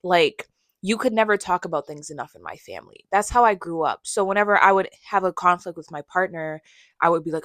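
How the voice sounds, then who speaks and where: A woman's voice: on the low side, animated, a little fast, a bit bright, dry recording, studio quality. A young woman talking candidly to her camera about her own life, casual and reflective, sometimes acting out what she used to say. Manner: candid and conversational, acts out her own past voice. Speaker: vlogger. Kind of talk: personal storytelling monologue.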